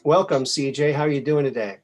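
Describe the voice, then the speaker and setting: A man's voice: a little high, a little fast. Folksy middle-aged man hosting call-ins. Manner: folksy, tells dad jokes. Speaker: call-in show host. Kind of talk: casual call-in chat.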